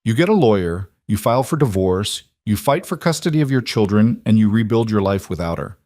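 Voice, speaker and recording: A man's voice: fairly low pitch, fairly quick, no echo, natural voice. A man voicing a firm, protective older mother. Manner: firm, steady.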